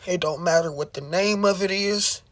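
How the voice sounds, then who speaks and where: A speaker at a middling pitch pours out an emotional rant to a livestream audience. The delivery is confrontational and full of rhetorical questions. Phrases come back again and again for emphasis, with plenty of swearing. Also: moderate pace, fairly bright tone. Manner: swearing, impassioned.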